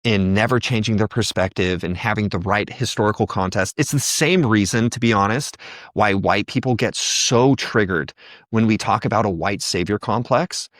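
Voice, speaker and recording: A man speaking with passion as a podcast guest, his voice sitting a bit low. He acts out other people's words as he goes, and the recording is dry with no room sound. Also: moderate pace, a bit bright, dry recording. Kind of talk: conversational podcast interview.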